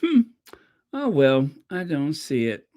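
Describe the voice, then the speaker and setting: A woman from a Caribbean island hosting a casual livestream, chatty and excitable as she thanks her viewers. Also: sits low, takes it slowly. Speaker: livestream host.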